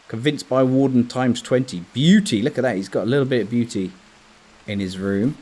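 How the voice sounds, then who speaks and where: A man's voice: medium pitch, fairly quick, a little mellow, husky. A man giving casual gameplay commentary as a let's play host, thinking aloud and chatting to his game characters.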